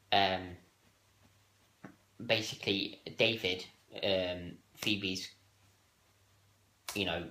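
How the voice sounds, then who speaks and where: A man's voice: deep voice, pushed and bright. A man hosting a casual countdown video, talking hesitantly with many fillers and restarts. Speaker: video host ranking TV moments. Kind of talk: casual solo countdown talk. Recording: echoey room.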